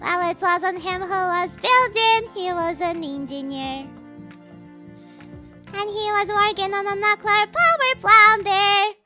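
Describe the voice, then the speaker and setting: A woman's voice: extremely high pitch, slow, over music, voice pushed up. A woman voicing a chatty, cheerful teenage girl in a visual novel, with a robotic, singsong Vocaloid-style delivery. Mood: chirpy. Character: chatty cheerful teen girl, fast-talking.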